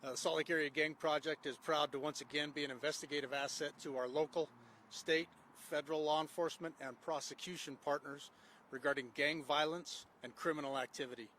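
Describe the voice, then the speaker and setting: Gang unit guy at a press conference, bit high voice, lots of uhs, faint traffic noise behind. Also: fairly even intonation, a little fast, a bit bright. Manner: reads prepared remarks with frequent "uh" fillers.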